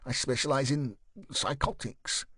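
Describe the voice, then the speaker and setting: A man voicing a nervous young male detective who speaks quietly with a cultured English accent and stammers. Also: medium pitch, measured pace, breathy edge, no echo.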